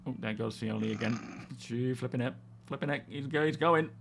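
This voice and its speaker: A man's voice: medium pitch, moderate pace, vocal fry, fairly bright tone, slight background noise. A man hosting a casual gaming livestream, greeting viewers and thinking aloud as he plays. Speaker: livestream host.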